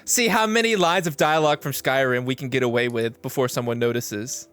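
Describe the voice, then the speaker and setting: A man's voice: medium pitch, fairly bright tone, faint music behind. A young man co-hosting a screenwriting podcast, chatting casually, rambling and laughing at his own jokes. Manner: joking, rambling, quick to laugh. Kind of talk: casual chat.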